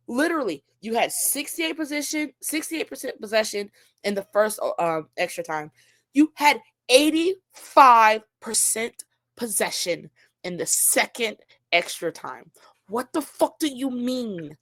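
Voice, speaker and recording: A woman co-hosting a casual sports podcast, ranting in an animated, exasperated way and swearing freely. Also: a little high, measured pace, no room sound. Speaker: podcast co-host.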